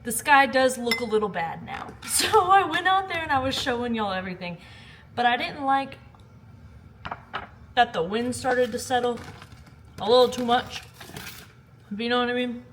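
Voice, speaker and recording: A woman's voice: a little high, lively intonation, normal speed, long pauses, a bit bright, slight background noise. A woman vlogging casually at home, chatty and joking, laughing often and swearing casually, recorded on a handheld phone. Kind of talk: casual vlog chat. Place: at home during a storm.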